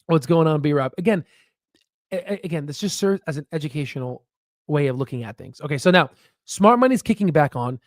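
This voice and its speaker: A man hosting a stock market livestream, talking in excited bursts, laughing often and checking in with "right?". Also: a little high, a little fast, no echo, clean studio sound. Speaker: stock market channel host. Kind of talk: excited casual livestream commentary.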